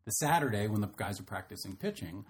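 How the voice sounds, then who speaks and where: A man's voice: fairly low pitch, fast. A man who writes comedy telling a long story in casual chat, acting out the people in it. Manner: animated, acts out the people in his story.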